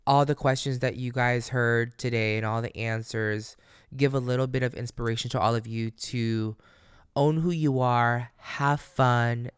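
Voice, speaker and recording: A man talking through a casual solo podcast, candid and emphatic, swearing freely and speaking straight to his listeners with motivational encouragement. His voice is smooth and clear, recorded close and dry. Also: mid-range voice, steady tone, a little slow, no echo. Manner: motivational, addresses listeners directly. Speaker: podcast host.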